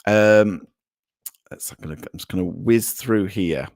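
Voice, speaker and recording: Lowish-voiced British man hosting a livestream. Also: unhurried, darkish tone, dry recording, clean studio sound. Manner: chatty, rambling, with frequent ums and laughs; effusive thanks, voice jumping up for donors. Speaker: livestream host. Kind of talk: casual live chat, reading viewer comments.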